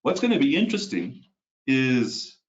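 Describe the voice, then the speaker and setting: A man's voice: mid-range voice, sing-song, normal speed, lo-fi sound. A man hosting live market commentary from his home office, talking casually with many fillers and restarts and putting questions to his viewers. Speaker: market analyst host.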